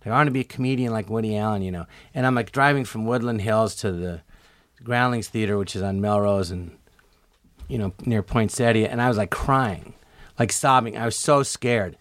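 Man, 60s, lively raconteur who acts out quotes; dry, close mic. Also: fairly low pitch, fairly quick, no echo. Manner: animated storyteller, acts out quoted voices. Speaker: guest comedian. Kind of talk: casual storytelling interview.

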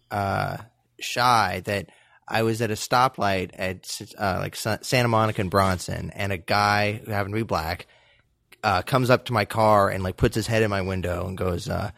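A man in casual conversation, telling a story hesitantly with many fillers and pauses. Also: lowish voice, steady tone, vocal fry, fairly bright tone, no echo, studio quality. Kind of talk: casual chat.

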